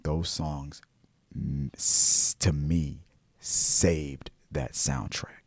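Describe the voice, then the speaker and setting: Animated man hosting a movie talk show. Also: very deep voice, very slow, vocal fry, breathy edge, dry recording. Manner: animated, swings from hushed asides to loud exclamations; frequent restarts and repeated words. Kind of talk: casual opinion talk.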